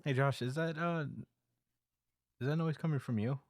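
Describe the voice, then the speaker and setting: A man's voice: fairly high pitch, moderate pace, dry recording, clean studio sound. A young man hosting a podcast, casually recapping a comic in a laid-back, slangy way with frequent laughs. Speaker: podcast host.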